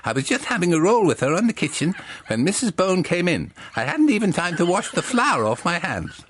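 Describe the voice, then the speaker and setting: A man's voice: high-pitched, very animated, a little fast, fairly bright tone, a little hiss or hum, voice pushed up. A man voicing a naive, eager grown man who speaks in an innocent tone in a comic storybook reading.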